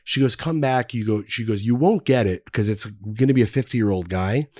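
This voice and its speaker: Here a thirties-aged male podcast guest chats casually, drifting through lengthy stories packed with fillers and restarts. He speaks briskly in a lowish, slightly mellow voice, captured cleanly in the studio without echo.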